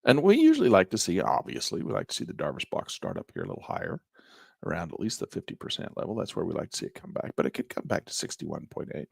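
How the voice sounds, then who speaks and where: Gravelly, animated man teaching trading. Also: low-pitched, fast talker, no room sound, clean studio sound. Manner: folksy, animated, slangy asides. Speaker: trading instructor. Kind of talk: chart-walkthrough lesson.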